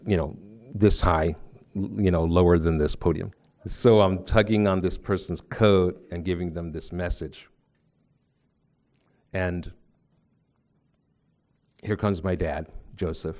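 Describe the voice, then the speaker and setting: A man's voice: low-pitched, fairly even intonation, slow, long pauses, a little mellow. A man from New Jersey giving a live spiritual talk from a podium, telling personal stories in a conversational way with frequent restarts. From New Jersey, USA. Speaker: spiritual speaker. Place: lecture room with podium.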